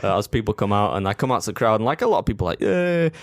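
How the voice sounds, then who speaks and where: A man's voice: lowish voice, racing, no echo, clean studio sound. A man with a Yorkshire accent, co-hosting a podcast in casual chat, blunt and swearing freely. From England. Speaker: podcast co-host, competitive eater.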